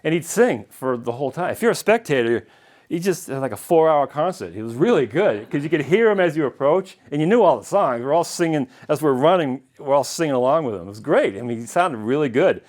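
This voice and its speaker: A man's voice: a little high, animated, brisk, a little mellow. A middle-aged man giving a casual history lecture, chatting through anecdotes and chuckling now and then. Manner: chatty and anecdotal, chuckling at his own stories. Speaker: lecturer and longtime marathon runner.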